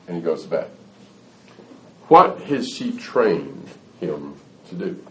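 A man's voice: sits low, normal speed, long pauses. A man giving a talk to an audience on parenting in a folksy way, acting out little scenes to explain his points. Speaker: speaker on parenting. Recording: echoey hall, mic at a distance.

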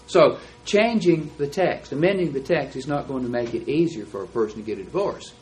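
A man's voice: medium pitch, animated, a little fast, a little mellow, faint music behind, rough recording. A man teaching a Bible class, explaining texts in an emphatic, lecturing way. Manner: emphatic, explanatory, stresses key words.

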